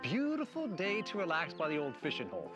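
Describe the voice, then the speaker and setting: A man's voice: fairly high pitch, huge pitch swings, brisk. A man voicing a friendly, homespun fisherman in a game trailer. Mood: genial rustic. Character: friendly rustic male fisherman by a fishing hole. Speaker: trailer character. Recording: game trailer audio with music.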